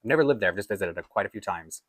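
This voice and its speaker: A man's voice: lowish voice, expressive, very fast, fairly bright tone, slight background noise. A man, from Toronto, chatting casually in a rambling, self-deprecating way as a doll collector vlogger. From Toronto, Canada. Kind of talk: casual chat.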